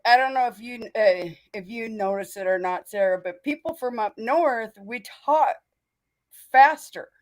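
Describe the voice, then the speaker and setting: A woman's voice: fairly high pitch, measured pace. A woman from North Dakota with a mix of North Dakota and Southern US accent, hosting a casual livestream chat, chatty and laughing often between fillers. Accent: mixed North Dakota and Southern US. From North Dakota, USA. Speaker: livestream host.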